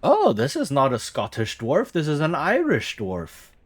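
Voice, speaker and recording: A man's voice: fairly high pitch, huge pitch swings, a little slow. A man streaming a game, chatting casually and thinking aloud in a rambling way.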